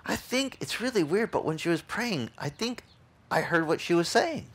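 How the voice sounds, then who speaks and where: A man voicing a hesitant cowboy in a prayer meeting, speaking tentatively and softly. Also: high-pitched, big pitch swings, moderate pace, breathy edge, pitched above the performer's own voice, full character voice.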